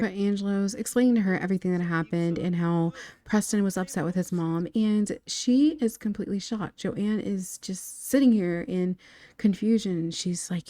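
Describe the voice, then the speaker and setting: Woman, game storyteller, casual, chatty, talks to viewers, mellow tone. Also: mid-range voice, normal speed. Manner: chatty, addresses viewers directly. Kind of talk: casual narration of a life-sim story.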